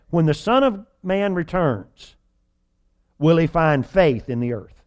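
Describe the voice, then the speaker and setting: A pastor preaching a sermon in a folksy, conversational way, rambling with restarts and slowing down to stress key points. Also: male voice, a little high.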